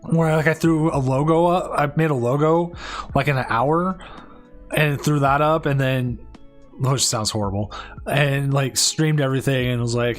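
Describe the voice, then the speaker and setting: A man's voice: mid-range voice, moderate pace, faint music behind. A man hosting and casting a live tournament stream, talking casually and rambling with many restarts and fillers. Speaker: tournament stream host and caster.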